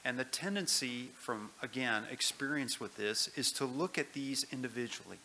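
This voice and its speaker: A man leading a church class, first reading a story aloud, then giving earnest, calm instructions. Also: medium pitch, moderate pace, slight background noise, rough recording.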